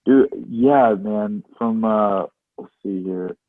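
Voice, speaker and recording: A man's voice: fairly low pitch, takes it slowly, no echo. A man co-hosting a podcast, chatting casually about movies in a laid-back way, often saying "dude". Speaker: podcast co-host. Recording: tinny phone-like line.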